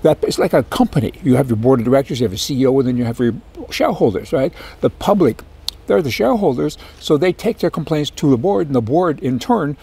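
A man's voice: mid-range voice, expressive, fast talker, vocal fry, dark tone, slightly rough. A man hosting a political commentary monologue, ranting with sarcastic asides. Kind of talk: opinionated monologue.

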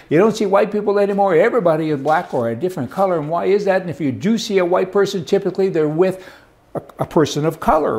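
Middle-aged canadian guy ranting, gravelly voice, a bit high for a man, blunt and sarcastic. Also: darkish tone. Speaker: commentator. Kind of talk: opinionated monologue.

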